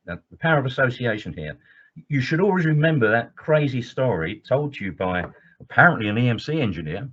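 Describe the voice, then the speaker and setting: A man's voice: medium pitch, fairly bright tone, breathy edge. A man teaching as an engineering trainer in a webinar lecture, enthusiastic and digressive, with many fillers. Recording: dull lo-fi webinar audio.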